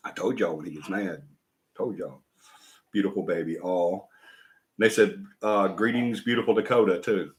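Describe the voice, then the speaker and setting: Rambling older man, lowish voice. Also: a little slow, long pauses, a little hiss or hum. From Alabama. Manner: rambling and chuckling, addresses viewers as y'all. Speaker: paranormal show host. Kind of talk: casual livestream chat.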